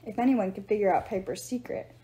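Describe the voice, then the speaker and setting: A woman reading a novel aloud in steady storytelling narration. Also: medium pitch, fast. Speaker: reader.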